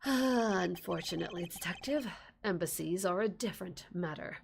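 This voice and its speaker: A woman voicing a stern, formal male prosecutor in a game, explaining the rules in a measured way. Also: fairly low pitch, lively intonation, vocal fry, noisy background, voice pushed down.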